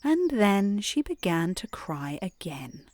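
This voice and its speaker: British lady reading a bedtime story, calm, lots of melody in her voice. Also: medium pitch, dry recording. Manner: calm, soothing and unhurried.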